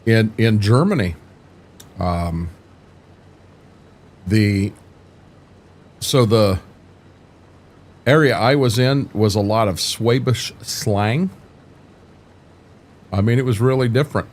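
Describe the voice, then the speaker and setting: An older man hosts a livestream of a farming game, chatting casually and ramblingly with viewers. His fairly low voice moves slowly with long pauses, and he restarts sentences often and curses mildly.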